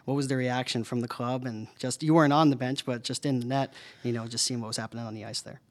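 A man's voice: mid-range voice, fairly even intonation, fast. A man from the Northeastern US hosting a team podcast, asking questions in a friendly, chatty way. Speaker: podcast host, team broadcaster.

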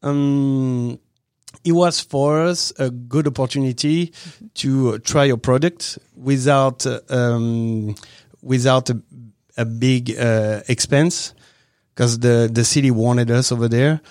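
A man's voice: medium pitch, fairly even intonation, darkish tone, dry recording, clean studio sound. A man from southern France with a French accent, a restaurant owner talking in a casual interview, searching for words and restarting often. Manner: halting, searching for words, frequent restarts and chuckles.

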